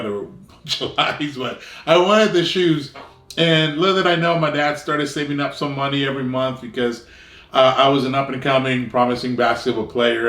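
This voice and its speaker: A man's voice: medium pitch, fairly bright tone. American man telling a childhood story, echoey. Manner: rambling, full of fillers and restarts. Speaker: vlogger. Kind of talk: casual storytelling.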